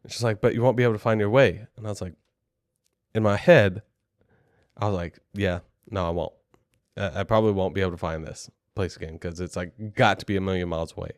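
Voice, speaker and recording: A man's voice: deep voice, quick pace, no room sound, clean studio sound. A young adult man co-hosting a podcast, telling a story in a chatty, rambling, self-deprecating way. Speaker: podcast co-host.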